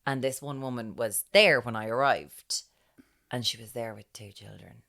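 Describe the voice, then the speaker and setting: A woman with an Irish accent, co-hosting a podcast in casual chat and telling stories in a lively, chatty way. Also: extremely low pitch, normal speed. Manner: chatty storyteller, drops to hushed tones when retelling. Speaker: podcast co-host.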